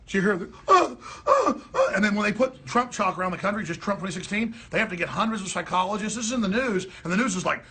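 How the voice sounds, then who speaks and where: A man giving mocking political commentary over video clips, often breaking into shrill parody voices. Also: animated, fast, sharp tone. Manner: gravelly, mocking, switches into shrill mimicking voices. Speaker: talk show host.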